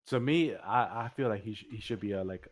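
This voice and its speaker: Low-voiced, rambling male podcast host. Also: a little fast, no room sound. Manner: rambling, filler-heavy, laughs often. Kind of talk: casual chat.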